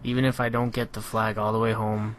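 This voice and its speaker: A man giving a relaxed, analytical voice-over on his own competitive match, filling pauses with "you know". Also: on the low side, slight background noise. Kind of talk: gameplay commentary voice-over.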